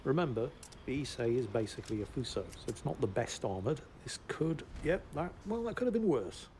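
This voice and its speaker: A man with a mid-pitched, everyday voice, chatting his way through a naval battle game and chuckling at the chaos. A faint hiss of background noise sits under the voice. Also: very animated, brisk, warm tone. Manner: giggly, laughs often through his commentary. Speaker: gameplay commentator. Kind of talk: casual game commentary.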